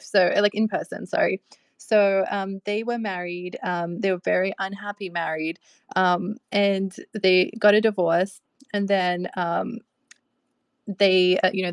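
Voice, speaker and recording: A woman's voice: mid-range voice, no room sound. A woman hosting a dating session, telling a story in a chatty way full of fillers and self-corrections. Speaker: host leading a dating session. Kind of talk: casual storytelling talk.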